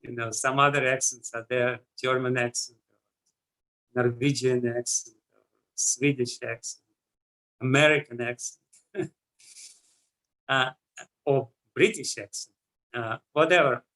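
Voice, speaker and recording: A man with a Russian accent, giving a scripture lecture in a measured way, with frequent pauses and "uh"s. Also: mid-range voice, steady tone, bright, forceful tone, poor audio. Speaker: spiritual teacher.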